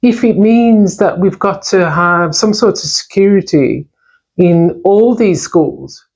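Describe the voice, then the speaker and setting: A woman's voice: mid-range voice, takes it slowly, a little mellow, breathy edge, poor audio. A woman co-hosting a podcast, speaking earnestly and emphatically in casual talk. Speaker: podcast co-host. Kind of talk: casual discussion.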